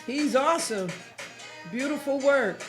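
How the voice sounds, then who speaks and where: A woman hosting a podcast, hyping and encouraging her guest in an energetic way. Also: high-pitched, measured pace. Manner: energetic hype-calling, encouraging. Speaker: podcast host. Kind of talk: hype intro and interview chat. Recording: clear music playing behind.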